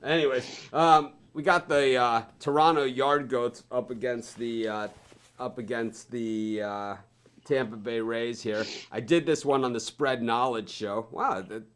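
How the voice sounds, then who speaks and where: A man hosting a sports betting chat show, talking casually, laughing often and rambling between picks. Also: mid-range voice.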